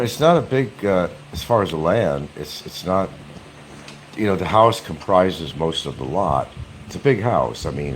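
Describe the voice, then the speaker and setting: Male home vlogger, lowish voice, drawls along, taunting, hammers points home by repeating them. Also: a little hiss or hum. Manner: mocking, repeats points slowly and deliberately. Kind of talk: casual livestream chat. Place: room in his home.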